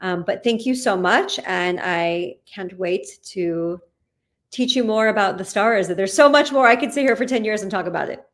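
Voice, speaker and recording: A woman guest teacher wrapping up quickly in a chatty way. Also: mid-range voice, a bit bright. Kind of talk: casual sign-off.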